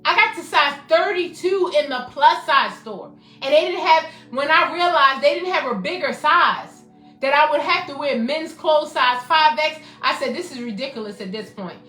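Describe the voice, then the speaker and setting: High, bright-voiced woman giving a motivational talk. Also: moderate pace. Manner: emphatic and repetitive, addresses viewers by name. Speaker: host and self-help speaker. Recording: roomy echo, faint music behind.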